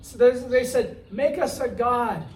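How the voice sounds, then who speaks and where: A man's voice: extremely high pitch, measured pace, slight background noise. A man preaching a sermon in a conversational way, often checking in with "right?" and acting out the complaining Israelites in a voice of their own. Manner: conversational, asks the room "right?"; acts out the Israelites' complaints in a whiny voice. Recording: roomy, from far off the mic.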